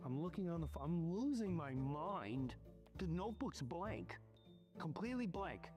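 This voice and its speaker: A man casually telling a personal story in an animated, rushed way, often restarting his sentences. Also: fairly high pitch. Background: music.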